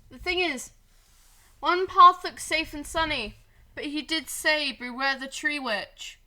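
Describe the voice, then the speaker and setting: A woman playing a tabletop gamebook, chatting casually and thinking out loud. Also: sits high, measured pace. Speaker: player. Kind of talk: casual chat.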